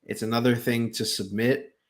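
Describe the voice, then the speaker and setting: A man hosting a casual wrestling podcast, relaxed and hesitant, with many fillers. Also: mid-range voice, normal speed. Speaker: podcast host.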